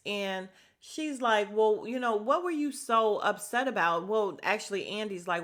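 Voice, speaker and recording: Woman podcast host, casual gossipy recap voice, bright tone. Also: mid-range voice, moderate pace, hardly any pauses. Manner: animated, gossipy, acts out quotes from the show.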